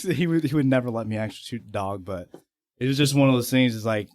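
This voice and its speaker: A man's voice: mid-range voice, quick pace, a little mellow, dry recording, studio quality. A young man, a podcast guest, telling casual stories, swearing freely and laughing as he talks. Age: young adult. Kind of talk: casual storytelling.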